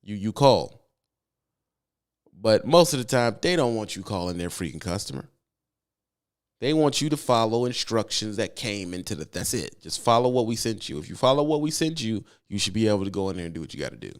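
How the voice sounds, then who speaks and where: A man's voice: fairly low pitch, big pitch swings, fairly quick, clear, resonant tone. A man, a truck driver, rants casually on his own channel, emphatic and repeating himself for effect. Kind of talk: casual vlog rant.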